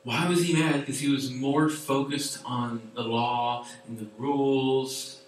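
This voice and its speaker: Animated youth pastor, echoey room. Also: male voice, mid-range voice, slow pace, distant mic, slight background noise. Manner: animated, chatty preaching with many fillers. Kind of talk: sermon to a youth group.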